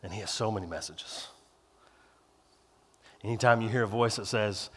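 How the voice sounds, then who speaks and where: A man's voice: fairly low pitch, a bit bright. Male pastor preaching in a reverberant hall. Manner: conversational, emphatic, drawn-out stresses. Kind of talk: sermon. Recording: long reverb of a large hall.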